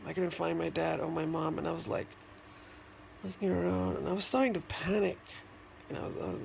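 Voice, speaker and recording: High, gravelly-voiced man telling a story. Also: steady tone, a little hiss or hum. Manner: halting and rambling, many restarts and fillers. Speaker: vlogger. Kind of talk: casual personal storytelling.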